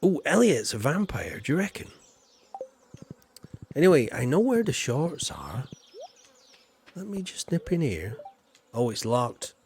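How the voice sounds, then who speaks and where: Male streamer, husky, mid pitch, rambling cheeky gameplay chatter. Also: big pitch swings, a little slow, pauses often, a little mellow. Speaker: game streamer. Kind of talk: casual gameplay commentary.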